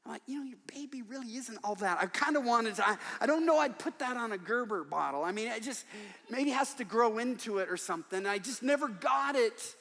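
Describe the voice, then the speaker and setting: Lively older man preaching in a big hall. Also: extremely high pitch, a little fast, creaky. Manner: storytelling, animated, acts out quoted voices. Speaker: guest preacher. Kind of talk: sermon. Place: large church worship center.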